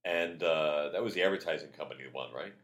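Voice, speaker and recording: A man on a podcast, telling long anecdotes in a rambling, animated way and acting out quotes in a loud voice. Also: rumbling low, brisk. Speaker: podcast guest. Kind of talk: casual anecdotal storytelling. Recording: roomy echo.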